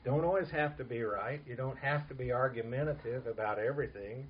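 A man preaching a sermon in an earnest, emphatic way, dropping to soft asides. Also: medium pitch, fairly quick, muffled recording, slight background noise. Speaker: pastor.

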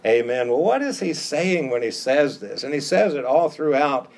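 A man's voice: a little high, very animated, moderate pace, darkish tone. A male pastor preaching a sermon, emphatic and given to repeating key phrases, with casual asides to the congregation. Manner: conversational asides.

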